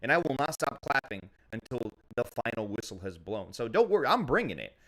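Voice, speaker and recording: A man's voice: mid-range voice, sing-song, a little fast, fairly bright tone. A man co-hosting a fan call-in podcast, brash and emphatic, swearing often while reading sponsor plugs. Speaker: podcast co-host. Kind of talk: loud casual podcast banter with sponsor reads.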